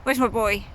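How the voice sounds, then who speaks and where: A woman filming her cat in a cold outdoor garden on her phone, cooing at it in a high sing-song. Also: fairly bright tone, slight background noise. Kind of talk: casual vlog talk to a pet. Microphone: phone camera held by her.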